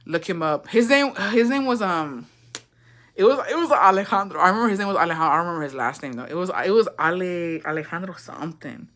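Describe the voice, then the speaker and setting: A young woman rattles off a story at high speed, her voice bright and sharp. She swears freely, rambles, and drops into Spanish mid-sentence. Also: expressive, quick pace. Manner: profane, rambling, switches into Spanish. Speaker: vlogger. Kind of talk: casual storytime.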